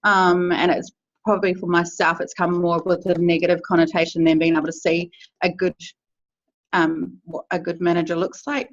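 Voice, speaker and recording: A woman's voice: lowish voice, level tone, moderate pace, dull audio. Hesitant New Zealand woman on call. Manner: hesitant, many fillers. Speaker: team member in a check-in. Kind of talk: casual meeting check-in.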